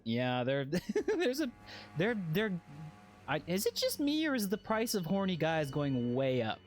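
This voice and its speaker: Male streamer, slightly high voice, rambling casual commentary, keeps interrupting himself with chuckles. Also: huge pitch swings, a little slow, soft background music. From Western. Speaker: game streamer. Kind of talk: casual gameplay commentary with anecdotes.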